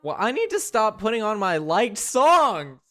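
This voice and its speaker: A man's voice: sits high, big pitch swings, measured pace, fairly bright tone. A male streamer in casual live-stream chat, rambling and joking with many fillers and restarts. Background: faint music.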